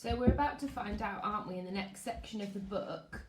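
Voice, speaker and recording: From the living room of her home, a primary school teacher hosts her class on a live stream, saying hello to pupils by name and chatting before a read-aloud. Her mid-range voice moves a little fast and she reads out comments in a lively way. The room echoes, and there is background noise.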